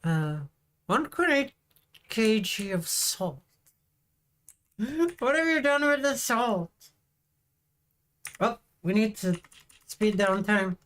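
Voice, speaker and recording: Slow, playful woman streamer. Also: mid-range voice, lively intonation, fairly bright tone. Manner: playful, giggly, teasing chat. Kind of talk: casual live-stream chat.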